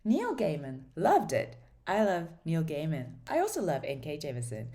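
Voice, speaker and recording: A woman's voice: low-pitched, huge pitch swings, normal speed, warm tone. A woman chatting casually through a book haul, rambling and enthusiastic, full of ums and restarts. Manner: enthusiastic about books. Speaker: book vlogger.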